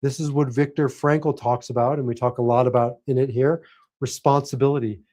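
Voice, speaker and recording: A middle-aged man delivers a motivational talk to other men. His voice sits at a middle pitch, and he speaks earnestly, in the manner of a preacher. He repeats key phrases for emphasis. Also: steady tone, a little fast, dark tone. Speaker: host and life coach for men.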